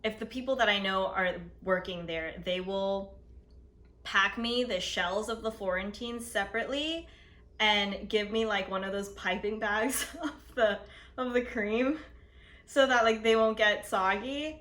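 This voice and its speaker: A woman's voice: medium pitch, a little slow, a bit bright. A young woman who hosts a food show, chatting casually about her old videos and laughing often. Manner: chatty, laughing, lots of "like" fillers. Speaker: food video producer and host.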